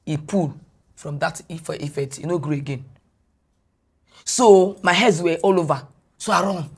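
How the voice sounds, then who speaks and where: A Nigerian woman, a guest on a podcast, retelling a personal story in animated English mixed with Pidgin. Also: sits low, a little slow, husky.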